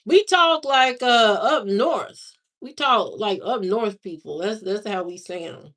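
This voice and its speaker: Slangy, relaxed woman chatting on a livestream. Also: mid-range voice, slow pace. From Indiana, USA. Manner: slangy, drawling talk with lots of repeats and fillers. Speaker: livestream host. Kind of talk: casual chat answering live viewers.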